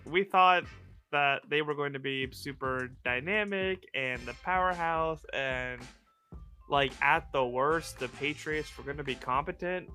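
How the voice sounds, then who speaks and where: A young man co-hosting a casual sports podcast, animated and groaning for comic effect. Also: a little high, measured pace, soft background music. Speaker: podcast co-host.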